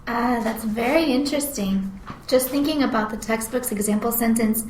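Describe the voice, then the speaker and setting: A woman's voice: fairly high pitch, moderate pace, a little mellow, reverberant, a little hiss or hum. A woman student speaking eagerly in a prepared class presentation. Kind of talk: reading a scripted class presentation.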